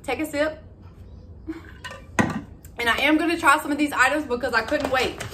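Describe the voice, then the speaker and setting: A woman, chatting excitedly to her viewers in a casual haul vlog. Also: high-pitched, moderate pace, background noise. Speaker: vlogger.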